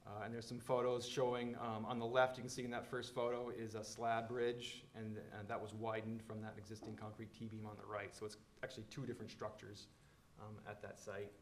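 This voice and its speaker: A man's voice: lowish voice, little pitch movement, fairly quick. Echoey man presenting bridge plans. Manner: explanatory, many fillers. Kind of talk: meeting presentation.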